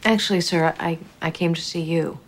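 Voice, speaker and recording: An actress playing a composed female FBI agent in a TV drama, speaking calmly and earnestly with small hesitations. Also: on the low side. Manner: calm, earnest, slightly halting. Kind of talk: TV drama dialogue.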